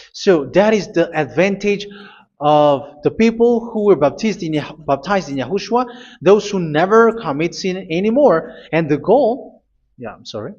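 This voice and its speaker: A man preaching a sermon, reading scripture aloud, halting and repeating phrases as he goes. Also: fairly high pitch, a little mellow, highs cut off.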